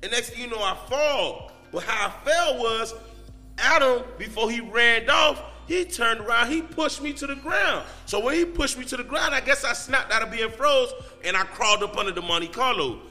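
A high-pitched man tells a story in loose, profane street talk. His voice is bright and forceful, and it sits in long reverb over faint background music. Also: expressive, moderate pace. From Miami, Florida. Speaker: podcast guest. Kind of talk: casual storytelling.

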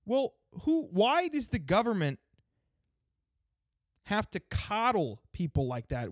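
In a ranting, stand-up style monologue, a man complains about his own home state with anger, sarcasm and plenty of swearing. His high voice swings hugely in pitch, and he speaks slowly with frequent pauses, captured in clean studio sound without echo.

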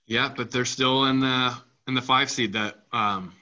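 Male sports podcast host, bright and pushy tone, chatty and rambling, dull lo-fi recording. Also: mid-range voice, unhurried. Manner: rambling, filler-heavy, animated. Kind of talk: casual sports talk.

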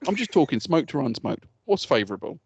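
A man's voice: a little high, sing-song, fast, a little mellow, slightly rough, no echo. A man co-hosting a podcast, swearing freely and ranting in heated, laughing banter. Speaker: podcast co-host. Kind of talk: casual chat.

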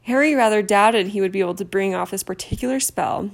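A woman narrating an amateur audiobook reading at a steady pace, with occasional stumbles over words. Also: mid-range voice, fast, creaky. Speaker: audiobook reader.

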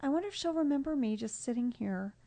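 Gravelly-voiced woman, tender and reflective. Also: high-pitched, expressive, fast, warm tone. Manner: reflective, tender, often emotional, laughs easily. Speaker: podcast guest. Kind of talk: casual heartfelt conversation.

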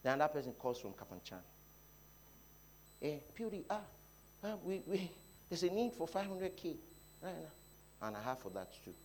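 A Nigerian man preaching a sermon, dropping to quiet talk and rising to loud shouts, often repeating his phrases. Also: a little high, big pitch swings, normal speed, pauses often, slight background noise. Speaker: pastor. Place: church hall.

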